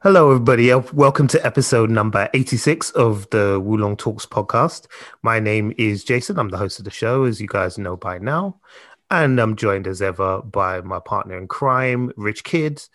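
A man's voice: on the low side, lively intonation, moderate pace, fairly bright tone, no room sound, clean studio sound. A British man hosting a podcast over a video call, chatting loosely with lots of fillers. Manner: loose and rambling, many fillers. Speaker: podcast host. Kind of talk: casual podcast chat. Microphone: remote video call.

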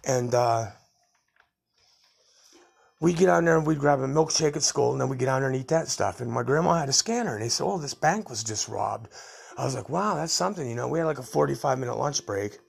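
A middle-aged man with a gravelly, husky voice, telling his own stories in a loose, rambling way. He talks casually, at a middle pitch, and chuckles at his own tales. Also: fast talker. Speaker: podcast host. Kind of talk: casual storytelling.

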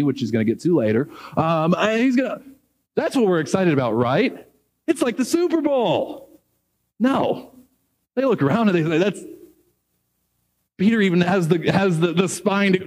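Brief: middle-aged male preacher, fairly high voice, lively sermon delivery with acted-out quotes. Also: a little slow. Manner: animated, rising high when excited, acts out quoted dialogue.

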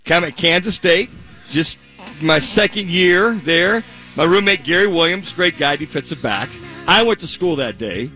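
Guy on a sports talk show telling a story, bright forceful voice, lots of voices, soft music under it. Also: on the high side, moderate pace. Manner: animated, acts out quoted voices, laughs while telling. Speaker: radio co-host. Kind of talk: casual storytelling chat.

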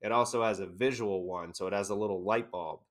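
A man, an army veteran guest, casually telling an animated anecdote and often laughing. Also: lowish voice, fairly quick. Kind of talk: casual storytelling.

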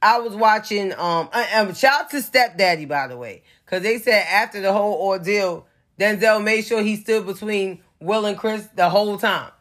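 A woman's voice: mid-range voice, normal speed, a bit bright. A woman giving casual pop-culture commentary in a blunt, profane, opinionated way, with sarcastic asides.

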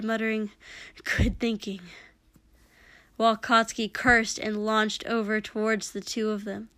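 Slow, measured woman storyteller. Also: fairly high pitch, fairly bright tone, smooth, no echo. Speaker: narrator. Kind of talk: reading fan fiction aloud.

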